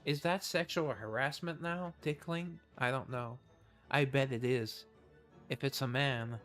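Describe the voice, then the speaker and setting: A man's voice: medium pitch, measured pace, fairly bright tone, faint music behind. A man reading out a game story and adding dry, sarcastic comments as he goes.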